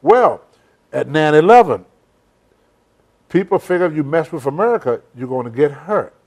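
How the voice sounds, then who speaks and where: A man's voice: on the high side, big pitch swings, normal speed. An older man hosting a casual interview, telling blunt, rambling stories in a folksy way. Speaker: host. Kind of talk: casual storytelling chat.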